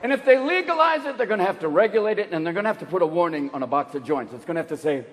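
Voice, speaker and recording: Animated man doing crude stand-up. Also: high voice, very fast, hardly any pauses, a little hiss or hum. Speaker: stand-up comedian. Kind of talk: stand-up comedy. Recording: live hall with loud crowd.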